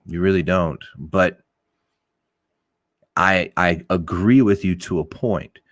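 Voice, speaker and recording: A middle-aged man with a very low voice talks bluntly in a loose, rambling way, often restarting his sentences and swearing as he makes his points. The sound is dry and close. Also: takes it slowly, dry recording. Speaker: podcast host. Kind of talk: casual opinionated talk.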